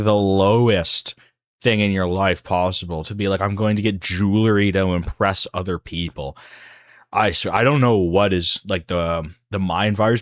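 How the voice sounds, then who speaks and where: A man with a low, deep voice hosts a casual livestream and talks straight into a dry, close-sounding mic. He rambles and halts, often trailing off into fillers and restarts before he finds his point. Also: no room sound. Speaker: livestream host.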